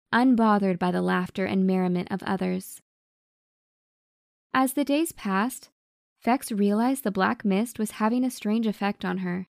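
A woman's voice: mid-range voice, vocal fry, dry recording. Female storybook narrator, wry and dramatic, dry close sound.

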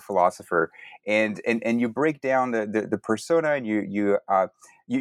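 A man interviewing authors about an academic book, talking in a halting way with many repeated words. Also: on the low side, dry recording.

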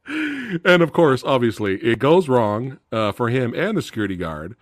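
Animated male horror review host. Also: medium pitch, moderate pace, no room sound, clean studio sound. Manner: chatty, animated storyteller who laughs often. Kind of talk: casual chat.

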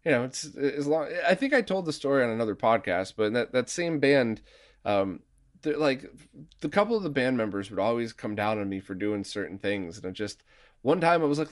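A man hosts a podcast in a chatty, self-deprecating way and laughs easily as he talks. His voice sits at an ordinary middle pitch for a man. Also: big pitch swings, fairly quick. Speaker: podcast host. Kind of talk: casual podcast conversation. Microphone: remote recording mic.

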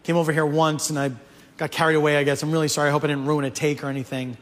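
A man's voice: on the high side, flat delivery, very fast, long reverb tail, slight background noise, pitched below the performer's own voice, close to an everyday voice. A man quoting a meek, apologetic male musician in a sheepish voice. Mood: sorry.

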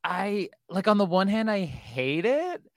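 Woman cohost rambling about a show, pitch jumps everywhere, dry close mic. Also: a little slow, no echo. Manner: animated, restarts sentences, acts out quotes. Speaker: podcast co-host. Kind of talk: casual recap chat.

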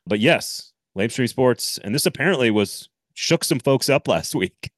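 A man co-hosting a casual sports podcast, animated and rambling, often laughing and restarting. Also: mid-range voice, normal speed, dry recording, studio quality. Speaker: podcast co-host.

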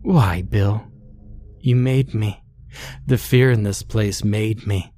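Man doing a playful killer clown woman, teasing menace, low and unhurried. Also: warm tone, a little hiss or hum. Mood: gleeful menace. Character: sadistic playful female cannibal clown.

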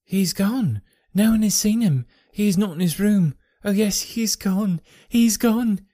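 A man voicing a distraught young maid in a storybook reading, shrill and hysterical. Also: expressive, normal speed, gravelly, darkish tone, dry recording, clean studio sound, heavily acted.

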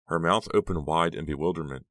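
Very deep-voiced male narrator. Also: fairly bright tone, no room sound. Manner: measured storytelling, voicing all characters. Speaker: audiobook narrator. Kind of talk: scripted narration.

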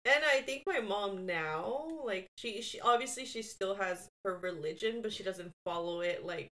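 A woman's voice: mid-range voice, animated, moderate pace, pushed and bright. A woman in her thirties chatting casually as a podcast co-host, telling stories with Spanish phrases mixed in and laughing often. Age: 30s. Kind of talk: casual chat.

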